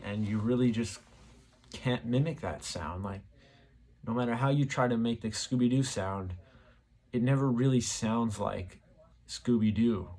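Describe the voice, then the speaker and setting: A man with a fairly low, darkish voice hosts his channel, chatting casually to the camera. He rambles as he muses aloud, using plenty of fillers.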